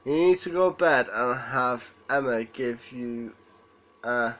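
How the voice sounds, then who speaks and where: A man's voice: medium pitch, steady tone, takes it slowly, a bit bright, low-quality recording. A man hosting a live stream, holding back tears as he rambles and answers viewers' comments. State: close to tears. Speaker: livestream host. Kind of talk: emotional live stream chat.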